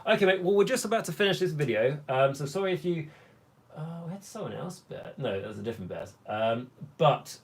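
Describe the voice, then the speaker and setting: Young guy on a hobby stream, voice gone hoarse, just rambling and reading the chat. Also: on the high side, animated, brisk. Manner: rambling, reads out chat comments. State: hoarse from talking for hours. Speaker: hobby livestream host. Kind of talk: casual livestream chat.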